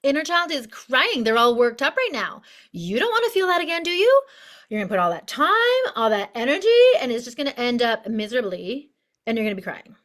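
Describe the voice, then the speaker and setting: A woman's voice: on the high side, sing-song, brisk, fairly bright tone. A woman playing a sneering inner critic. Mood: scornful. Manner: sneering, scolding. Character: harsh mocking inner critic, belittling.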